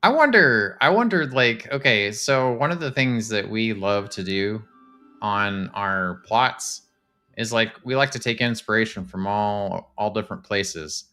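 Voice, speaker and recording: Chatty man, bright tense voice. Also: on the low side, unhurried, faint music behind. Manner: chatty, excitable, talks to chat. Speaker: streamer touring game houses. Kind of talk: casual live-stream commentary.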